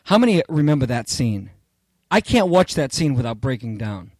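A male pastor preaching a sermon in an emphatic, repeating way that climbs to near-shouts on key phrases. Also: medium pitch, big pitch swings, moderate pace, no echo. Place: church.

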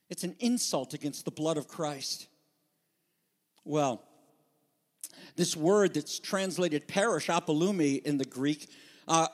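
High-pitched guy preaching a sermon, fired up then hushed, church hall echo. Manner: impassioned, swings from loud emphasis to hushed intimacy. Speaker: pastor.

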